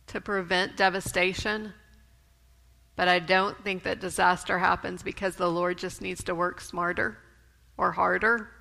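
A woman preaching a sermon in a church, speaking in a measured way and quoting scripture. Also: mid-range voice, gravelly, bright, forceful tone. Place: church sanctuary. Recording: long reverb of a church sanctuary.

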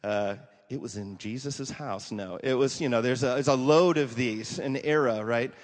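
A man in his forties, a pastor giving a casual, animated sermon with stories and lots of fillers. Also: medium pitch, moderate pace. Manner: animated, conversational, many fillers, acts out quotes. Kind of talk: casual sermon talk with storytelling. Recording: long hall reverb.

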